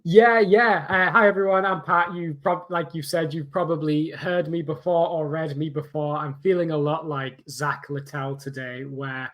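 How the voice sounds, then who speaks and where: A man's voice: on the high side, fairly even intonation, normal speed, hardly any pauses, fairly bright tone. A man co-hosting a casual sports podcast, friendly and lightly self-deprecating. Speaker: podcast co-host.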